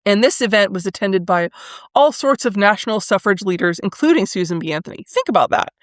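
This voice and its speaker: A woman hosting a solo history podcast, talking in a thoughtful, conversational way, with fillers and pauses now and then. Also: medium pitch, expressive, dry recording, clean studio sound. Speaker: podcast host.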